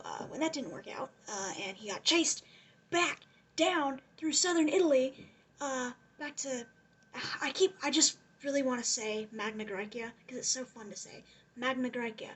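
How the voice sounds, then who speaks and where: A woman's voice: sits high, slightly rough. A young woman casually retelling history for laughs, rambling and swearing with throwaway asides. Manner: rambling, profane, giggly asides. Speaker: vlogger.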